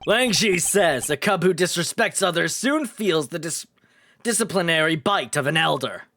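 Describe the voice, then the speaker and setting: A man voicing a stern male investigator boss in a video game, in a low, commanding tone. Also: animated, moderate pace, sharp tone, slight background noise. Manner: commanding, clipped.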